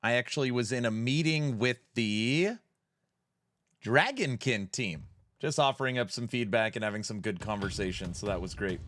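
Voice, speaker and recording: A man's voice: mid-range voice, animated, normal speed, fairly bright tone, dry recording. A man hosting a live stream in a playful, jokey way, greeting viewers by name as he reads the chat.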